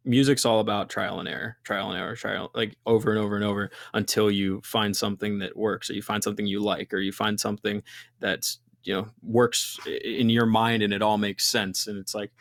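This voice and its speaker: Young male musician guest, rambling casual delivery, heavy profanity, low-ish dry voice. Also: little pitch movement, brisk, vocal fry, a bit bright, no room sound. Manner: rambling, heavy swearing, many fillers. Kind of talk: casual interview chat.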